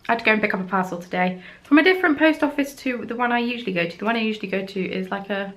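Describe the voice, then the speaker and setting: A woman's voice: mid-range voice, very fast. A young woman in her twenties, rambling chattily to camera in a self-deprecating home craft vlog. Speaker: craft vlogger. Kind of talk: casual chat to camera. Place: at home, indoors.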